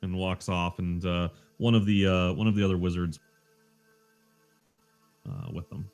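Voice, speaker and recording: A man with a deep voice runs a tabletop game as game master. He explains rules and scenes in a halting way, full of fillers. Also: steady tone, a little mellow, soft background music.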